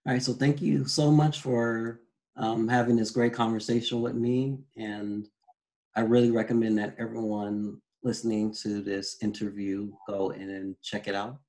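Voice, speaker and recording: A man hosting an interview in a low, gravelly voice. He hesitates a lot, fills gaps with ums and rambles a little before he gets to his questions. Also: level tone, moderate pace, a little mellow, rough recording. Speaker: interview host.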